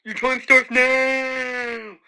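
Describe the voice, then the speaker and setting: A man's voice: very high-pitched, little pitch movement, very slow, pushed and bright, clear, resonant tone, pitched above the performer's own voice, full character voice, low-quality recording. A man voicing a mocking, over-the-top male movie killer in a sneering way.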